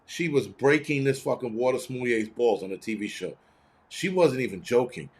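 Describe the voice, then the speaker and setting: A man's voice: medium pitch, animated, normal speed. Profane rambling man in his fifties. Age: 50s. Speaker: livestream host. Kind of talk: casual livestream rant.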